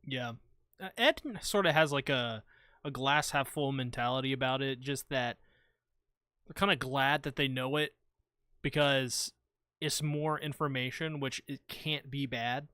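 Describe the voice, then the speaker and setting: A man's voice: medium pitch, a little slow, sharp tone, dry recording, studio quality. A man co-hosting a podcast in casual chat, easygoing and hedging his points. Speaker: podcast co-host.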